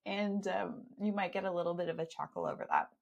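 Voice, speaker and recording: A woman's voice: lowish voice, fairly quick, vocal fry, highs cut off. A woman with a Canadian accent hosting a live podcast, talking in a chatty, upbeat, promotional way. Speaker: podcast host and skincare educator.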